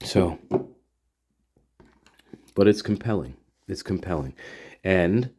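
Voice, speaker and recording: Low, dark-voiced man thinking aloud. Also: a little slow, long pauses. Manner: rambling, repeats himself, thinks aloud; talks straight to his listeners. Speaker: podcast host. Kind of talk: casual monologue.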